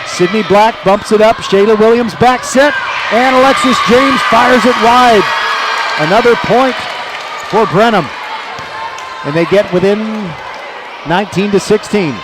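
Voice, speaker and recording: A man announcing a high school volleyball match play by play from a courtside table, chatty and quick to correct himself. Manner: excited, self-correcting, chatty. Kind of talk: live sports commentary. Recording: noisy gym with crowd. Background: crowd and ball bounces.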